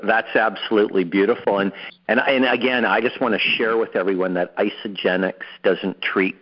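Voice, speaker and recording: A man's voice: lowish voice, dull audio. A man hosting an interview, upbeat, often repeating words as he starts a sentence. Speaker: host. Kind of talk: interviewing a guest.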